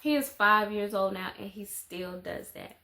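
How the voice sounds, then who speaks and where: A woman's voice: mid-range voice, measured pace, pushed and bright. A woman, chatting casually and rambling in a life-update vlog, with lots of fillers. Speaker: mother and vlogger.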